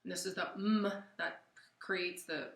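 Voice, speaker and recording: A woman's voice: medium pitch, moderate pace. Chatty woman singing teacher, roomy sound. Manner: relaxed and chatty, many fillers, breaks into sung scales. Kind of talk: casual vocal lesson with sung warm-ups. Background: piano.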